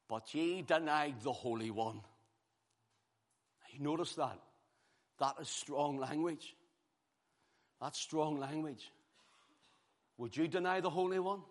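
A man's voice: a little high, slow pace, long pauses. A man preaching a sermon, emphatic, repeating phrases and building force. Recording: long hall reverb.

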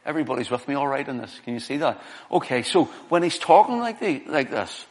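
A man's voice: medium pitch, sing-song, brisk. A man preaching a sermon, explaining scripture and reading passages aloud, with frequent restarts. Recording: long reverb of a hall.

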